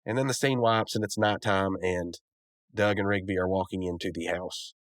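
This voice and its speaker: A man's voice: low voice, steady tone, moderate pace, no room sound. A man hosting a podcast, casually recapping a cartoon episode with rambling asides and chuckles. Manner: rambling, chuckling, lots of fillers. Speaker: podcast host.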